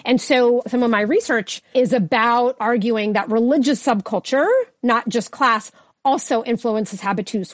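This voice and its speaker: A woman sociologist explaining her research concepts as a guest on a podcast, in a clear lecture-like way. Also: a little high, dry recording. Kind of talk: podcast interview answers.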